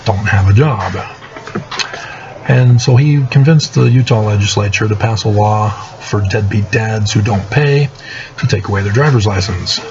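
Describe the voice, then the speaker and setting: Slow, low-voiced aggrieved man. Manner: aggrieved, sardonic, halting with many fillers. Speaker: vlogger telling his own story. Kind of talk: casual monologue. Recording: muffled lo-fi recording with steady background noise.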